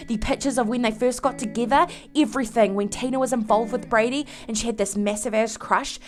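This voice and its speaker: Woman, game video narrator, dramatic storytelling, fairly high voice, faint guitar music. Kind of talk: story narration over gameplay.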